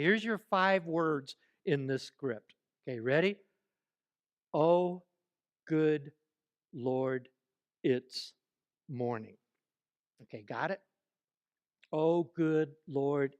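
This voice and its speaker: A pastor with a fairly high voice preaches at a church service in an animated, playful way. He leads the congregation through call-and-response exercises.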